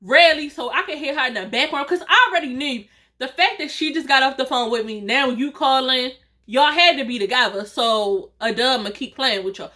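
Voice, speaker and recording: Brief: high, bright-voiced woman vlogger, animated storyteller, quotes everyone. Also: fairly quick. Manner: animated, quotes dialogue, laughs often. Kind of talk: storytime vlog.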